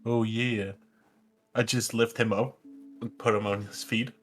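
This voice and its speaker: A man playing a tabletop game, describing events haltingly and with many fillers. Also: fairly low pitch, little pitch movement, a bit bright, faint music behind. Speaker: player. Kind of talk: casual tabletop play.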